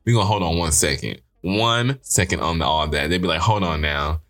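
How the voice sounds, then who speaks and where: Animated man ranting with sarcastic swings. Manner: animated, sarcastic, swearing, quick pitch swings. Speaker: show host. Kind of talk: casual commentary.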